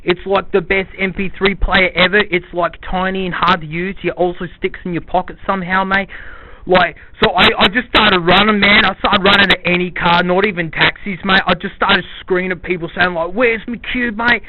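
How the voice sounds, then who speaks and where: Man putting on a hapless Aussie bloke, rambling, high voice, dull lo-fi memo, dry. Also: fairly even intonation, normal speed, slight background noise, lightly acted. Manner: rambling, says mate constantly.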